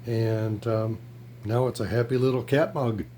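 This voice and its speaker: A man teaching a ceramics how-to in a pottery studio, relaxed and chatty with many fillers. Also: medium pitch, a little slow, slight background noise. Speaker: ceramics instructor. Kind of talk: casual how-to demonstration.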